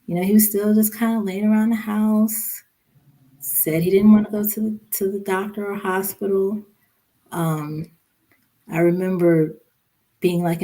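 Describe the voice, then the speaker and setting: A woman podcast guest recounting a painful family memory in a somber, halting way, with many fillers. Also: lowish voice, a little mellow. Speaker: podcast guest, social worker and mother. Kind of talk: personal storytelling in a podcast interview.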